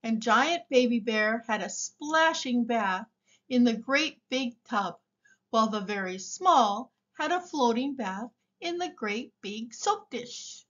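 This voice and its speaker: A woman reading a picture book aloud for young children in a slow, expressive way. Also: a little high, highs cut off. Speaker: storybook reader.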